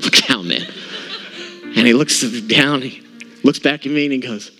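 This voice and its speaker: A man's voice: mid-range voice, normal speed, faint music behind. A male pastor telling a funny, self-mocking story in a sermon, acting out what others said. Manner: animated, self-mocking, acts out quotes. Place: church service.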